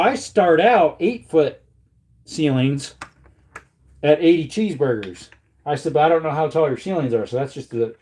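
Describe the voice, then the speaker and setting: A man reloading ammunition hosts a casual livestream, joking and chatting with viewers, reading the chat aloud and putting on silly voices. His voice is a little high and a little mellow, with a bit of hiss or hum.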